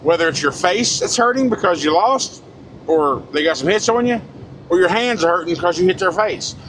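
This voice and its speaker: A blunt man in his forties rants in a high-pitched voice, swearing freely and talking straight at the camera. Loud road noise from the moving truck cab runs under everything he says. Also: animated, normal speed. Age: 40s. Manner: blunt, profane, fired-up. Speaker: truck driver vlogger. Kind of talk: casual ranting monologue.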